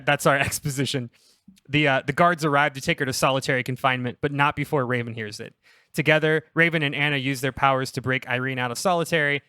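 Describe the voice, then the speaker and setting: Young man, bright voice, dry close sound, casual rambling podcast pitch. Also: clean tone, no echo. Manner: rambling, self-interrupting, laughs at own jokes. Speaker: podcast host pitching a story. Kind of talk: casual comedic podcast chat.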